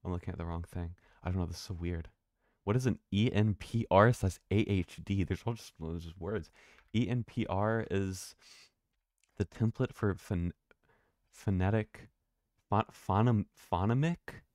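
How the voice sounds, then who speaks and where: A man's voice: low voice, normal speed, a little mellow, dry recording, studio quality. A man thinking aloud and swearing casually while live-streaming a video game.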